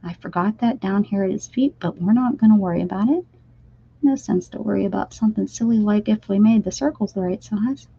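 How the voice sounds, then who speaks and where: A woman's voice: mid-range voice, quick pace, creaky, dark tone, slightly rough, dry recording. Chatty woman streaming while she doodles. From Pennsylvania, USA. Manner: chatty, talks straight to viewers, drifts into whispers. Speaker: art livestream host. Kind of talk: casual livestream chat while drawing. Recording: slightly dull lo-fi stream audio.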